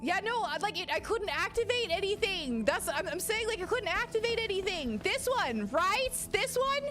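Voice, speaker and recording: A woman streaming a video game in casual, profane chat, swinging between low mutters and excited shouting over game music. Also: normal speed. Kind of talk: casual let's-play chat. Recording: game music playing behind.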